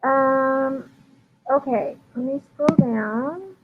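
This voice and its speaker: A woman's voice: sits high, extremely slow. Chatty woman dog trainer on a tinny line. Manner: chatty, frequent ums and likes. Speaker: dog trainer answering viewer questions. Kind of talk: casual live Q&A. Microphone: livestream computer mic. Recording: tinny phone-like line with faint hiss.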